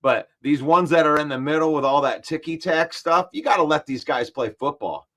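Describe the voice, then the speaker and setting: A man's voice: fairly high pitch, moderate pace, few pauses. A man hosting a casual football talk stream, reading viewer comments and firmly arguing back. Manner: reads viewer comments aloud and argues back, animated and defensive. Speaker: sports talk show host. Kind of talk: casual live-stream sports chat.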